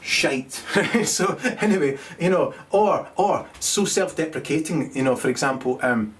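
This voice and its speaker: A middle-aged man rambles through a crude comic monologue. He swears freely, trips over his own restarts and chuckles at his jokes, his voice sitting a touch high for a man. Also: animated, normal speed, a little hiss or hum. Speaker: comedian.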